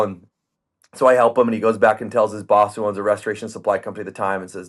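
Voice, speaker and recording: A man hosting a podcast in casual chat, telling stories in an animated way and acting out the voices of the people he quotes. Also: on the low side, fast. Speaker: podcast host. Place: podcast studio.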